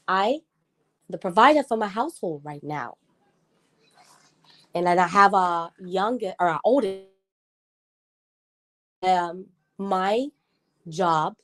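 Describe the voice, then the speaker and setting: A woman in her thirties hosting a casual livestream, chatting with viewers and getting heated as she rants. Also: mid-range voice. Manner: chatty, gets heated and ranty. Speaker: livestream host. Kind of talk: casual live chat with viewers.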